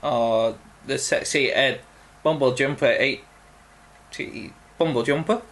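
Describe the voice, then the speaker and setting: A young man answering viewer questions in a casual video, halting and full of ums. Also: medium pitch, fairly bright tone. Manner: slow, halting, many ums and pauses. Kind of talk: casual Q&A vlog.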